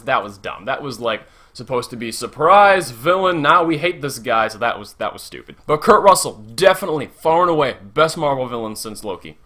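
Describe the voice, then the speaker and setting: A man with a fairly high, bright, forceful voice gives a casual spoken review. He is animated and chatty, scattering "like" through his sentences and swearing mildly as he riffs. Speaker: movie reviewer.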